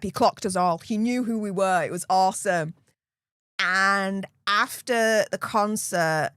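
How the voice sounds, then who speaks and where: A woman's voice: mid-range voice, smooth, no room sound, clean studio sound. A woman with a Yorkshire accent chatting casually to her viewers, blunt and laughing often. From Yorkshire, England. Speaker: YouTube commentary host. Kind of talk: casual chat to camera.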